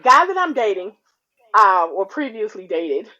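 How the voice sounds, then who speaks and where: A woman in her forties co-hosting a podcast, a blunt, profane and animated storyteller in casual chat. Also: mid-range voice, unhurried, dull audio. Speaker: podcast co-host.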